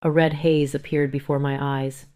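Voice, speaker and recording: A woman's voice: low voice, flat delivery, normal speed, darkish tone, clean tone. A woman telling a dramatic first-person story in a stern, cold manner. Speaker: narrator.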